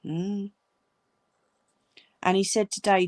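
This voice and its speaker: Woman host, furious scolding rant, deliberate pace, dry close sound. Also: fairly low pitch, lively intonation, no echo. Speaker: channel host. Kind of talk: angry direct-to-camera rant.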